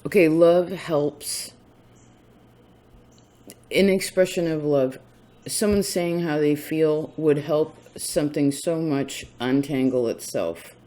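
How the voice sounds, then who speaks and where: A man's voice: on the high side, steady tone, slow, warm tone. A man giving a casual tarot reading in a rambling, chatty way, often stopping himself mid-thought. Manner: rambling, chatty, self-interrupting. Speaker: tarot reader.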